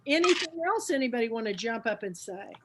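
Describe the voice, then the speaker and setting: A woman with a somewhat high voice hosts a book club chat with eager, rambling enthusiasm. Her thoughts tumble out with fillers and restarts over a video-call mic. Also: very animated, fairly quick, a bit bright, a little hiss or hum.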